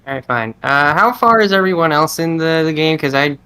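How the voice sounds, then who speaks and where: Rambling bright-voiced man. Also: fairly high pitch, animated, brisk, smooth. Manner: rambling, self-interrupting; restarts sentences, many fillers. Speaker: podcast co-host. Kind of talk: casual chat.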